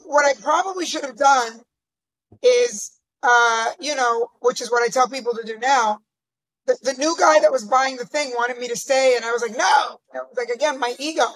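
A woman's voice: high-pitched, normal speed, fairly bright tone, low-quality recording. A woman, a podcast guest, candidly telling her own career story in a reflective conversational way. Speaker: interview guest.

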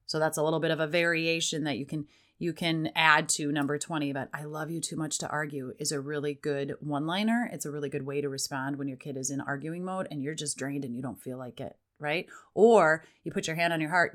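Lively woman podcast host, low voice. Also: a little fast. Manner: animated, acts out parent lines in a raised voice. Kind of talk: casual solo podcast talk.

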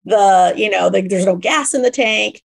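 A woman hosting a podcast interview, talking in a lively conversational way and acting out quoted voices. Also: medium pitch, normal speed, vocal fry. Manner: animated, acts out quoted voices. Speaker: podcast host.

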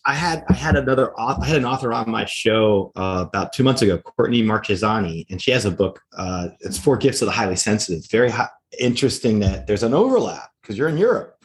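A middle-aged man hosting a podcast, eager and enthusiastic, quick to affirm his guest. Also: lowish voice, animated. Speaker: podcast host. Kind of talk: podcast interview talk.

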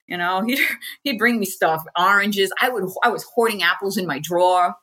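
With a mid-range, bright and forceful voice at a moderate pace, an American woman speaks as an interview guest. She recounts a personal experience in a frank, casual way, imitating what people said to her.

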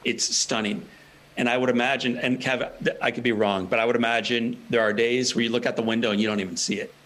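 A man's voice: mid-range voice, flat delivery, fast talker, a bit bright, rough recording. A man speaking as a guest author in an interview, earnest and encouraging, building his points through repetition. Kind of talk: interview answers.

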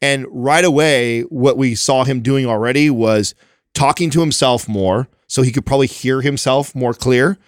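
A man's voice: mid-range voice, normal speed, no room sound, studio quality. Rambling man in casual podcast chat. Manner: rambling, full of restarts and casual swearing. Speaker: podcast host.

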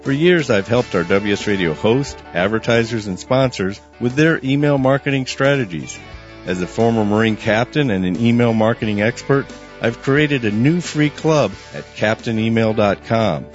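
A man reading an upbeat radio advertisement as the head of a radio network. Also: normal speed. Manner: upbeat pitchman delivery. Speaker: radio network founder doing ads. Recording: dull, slightly lo-fi radio audio with faint music.

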